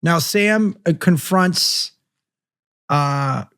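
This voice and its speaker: A man's voice: a little high, very slow, fairly bright tone, clear, resonant tone. A man co-hosting a podcast in casual chat, teasing his partner with dry critiques. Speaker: podcast co-host.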